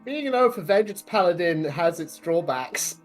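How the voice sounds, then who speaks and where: A woman's voice: on the low side, expressive, moderate pace, faint music behind. A woman playing in a tabletop game, joking and laughing in easy banter. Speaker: player. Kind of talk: casual chat at a tabletop game.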